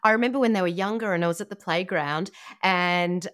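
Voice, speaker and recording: A woman's voice: fairly low pitch, a little fast, fairly bright tone. A woman with an Australian accent, a podcast guest talking in a chatty, easygoing way. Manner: chatty, laughs easily. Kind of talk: casual interview chat.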